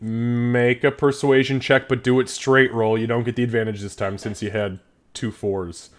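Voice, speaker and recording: A man runs a tabletop game, narrating at an average pitch. His delivery is loose and casual, with frequent restarts. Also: flat delivery, moderate pace. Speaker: game master.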